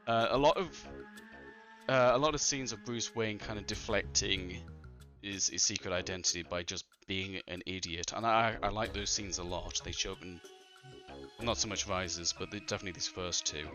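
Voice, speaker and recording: Chatty low-voiced man with fillers. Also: moderate pace, soft background music. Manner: animated, mocking impressions, frequent fillers. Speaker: podcast co-host. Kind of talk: casual film review chat.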